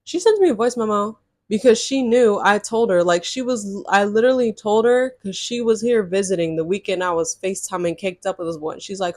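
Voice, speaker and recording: A young woman from California tells a storytime in a chatty, slangy, exasperated way. Her voice sits in a middle pitch, and the sound is dry with no room echo. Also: fairly quick, hardly any pauses, darkish tone. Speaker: storytime vlogger. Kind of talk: casual storytime.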